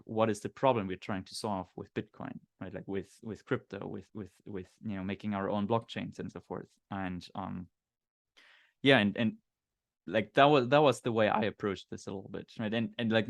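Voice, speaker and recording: Low-voiced man, hesitant host. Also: no echo. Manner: hesitant, many fillers and restarts. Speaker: podcast host. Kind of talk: casual conversation.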